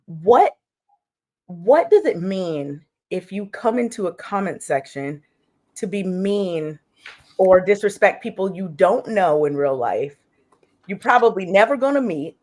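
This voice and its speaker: Animated, questioning woman in casual chat. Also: medium pitch, measured pace. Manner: animated, questioning, many likes. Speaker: co-host.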